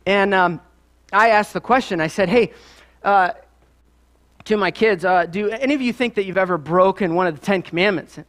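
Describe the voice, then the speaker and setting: A man's voice: high-pitched, normal speed, a bit bright. A man with a Midwestern American accent, preaching a sermon in a conversational, storytelling way with asides. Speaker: pastor.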